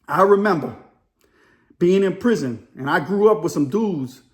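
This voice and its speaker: A man's voice: high voice, animated. A middle-aged man with a New Orleans accent, reacting to a news story in casual, slangy talk. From Louisiana, New Orleans area. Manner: casual storytelling, drawling slang, quick laughs. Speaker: commentary video host. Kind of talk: reaction commentary.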